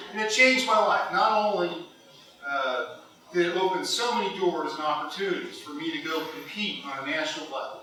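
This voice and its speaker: A middle-aged man from Ohio giving an induction speech, telling his stories with animation and frequent laughter. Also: fairly high pitch. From Cincinnati, Ohio. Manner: animated storyteller, laughs often. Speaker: golf hall of fame inductee. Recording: echoey hall, mic far off.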